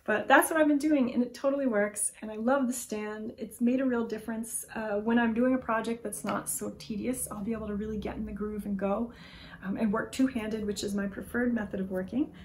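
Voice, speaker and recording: A woman's voice: a little high, steady tone, fairly quick, a little hiss or hum. A woman talking casually to her viewers about her stitching, thinking aloud with fillers and small laughs. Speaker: craft vlogger. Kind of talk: casual chat to camera.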